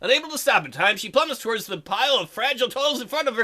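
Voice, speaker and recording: A man's voice: very high-pitched, lively intonation, racing, pushed and bright. A man hosting a visual novel playthrough, narrating the text with crude, joking asides. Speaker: let's play host.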